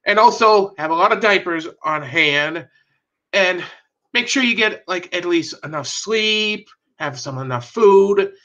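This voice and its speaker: Bright-voiced man on dull lo-fi call. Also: sits high, lively intonation, unhurried. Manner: hesitant, many fillers. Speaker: improv performer. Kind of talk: improvised comedy advice. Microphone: video call. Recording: dull lo-fi video call audio.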